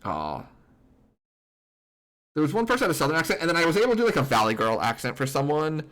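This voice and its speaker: A man streaming a video game live, commenting in a chatty, excitable way with lots of fillers. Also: a little high, fast.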